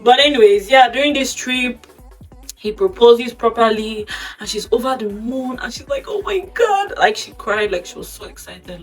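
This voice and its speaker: A woman casually recapping a drama-filled story, gossipy and animated, acting out the quoted lines, recorded from a bit off the mic with faint music behind. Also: mid-range voice, slightly rough, distant mic, rough recording. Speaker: storytime host.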